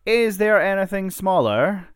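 A man's voice: sits high, expressive, unhurried, clean tone, dry recording, clean studio sound. A man co-hosting a casual podcast chat. He often hesitates and restarts his sentences. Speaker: podcast co-host.

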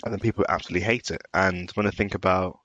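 A man's voice: low-pitched, steady tone, rapid-fire, a bit bright, no echo, lo-fi sound. A man from Birmingham with a light Birmingham accent, co-hosting a podcast in casual chat and laughing easily. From Birmingham, England. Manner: chatty, laughs easily, restarts sentences. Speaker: podcast co-host.

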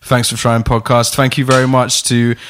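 English guy on a podcast, loud laughy storytelling, keeps doing everyone's voices. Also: mid-range voice, moderate pace, a little hiss or hum. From England. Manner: animated, laughing, swearing, acts out other people. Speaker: podcast host. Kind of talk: casual storytelling chat.

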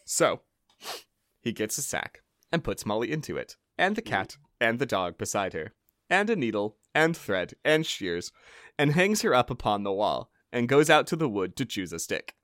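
A man with a bright, sharp voice reads an old folk tale aloud on a comedy podcast. He breaks off for jokes and chatty asides. The sound is close and dry. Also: medium pitch, very animated, normal speed, no room sound. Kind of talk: comic storytelling podcast.

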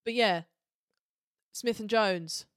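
A woman co-hosting a podcast in casual chat, animated and jokey, often quoting lines in a high put-on voice. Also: takes it slowly, clean tone, no echo, clean studio sound. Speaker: podcast co-host.

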